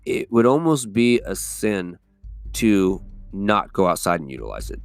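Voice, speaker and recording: Low-voiced man, casual profane podcast ramble. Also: sing-song, unhurried, vocal fry, clean tone, no echo, faint music behind. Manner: rambling, profane, conversational, with frequent fillers. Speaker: podcast host. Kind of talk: casual solo podcast monologue. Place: California.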